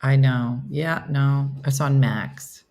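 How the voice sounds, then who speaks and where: A woman with a low, dusky voice hosts a relaxed morning livestream. She reads out viewer comments and chats about them, often poking fun at herself. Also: slow pace. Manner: chatty and self-mocking, breaks into laughter. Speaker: host of a morning livestream chat show. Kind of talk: casual live chat, reading viewer comments aloud.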